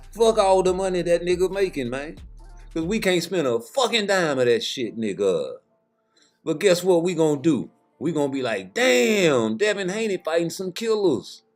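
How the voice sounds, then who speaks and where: A man giving heated, profane boxing commentary in a casual rant, blunt and repeating points for emphasis. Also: sits high.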